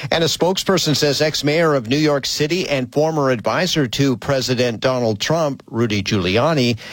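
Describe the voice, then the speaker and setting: A man reading a radio news bulletin in a steady, measured way. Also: on the low side, dry recording. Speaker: radio newsreader.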